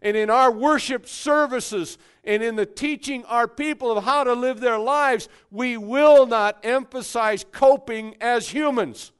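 Preacher, male, high-pitched and emphatic, hushed one moment and forceful the next. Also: a little slow, few pauses, clear, resonant tone. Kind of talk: sermon.

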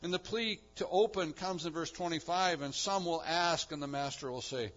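A man's voice: on the high side, moderate pace. Man preaching with swinging intensity. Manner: swings from quiet asides to loud emphatic peaks. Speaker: pastor. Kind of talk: sermon. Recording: dull lo-fi sound.

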